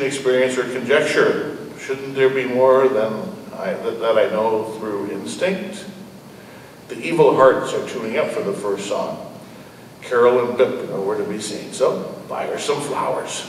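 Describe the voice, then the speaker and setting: A man reading his own fiction aloud at a live event, lifting his pitch for the characters' dialogue. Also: a little hiss or hum. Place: large ballroom. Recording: echoey hall from far off.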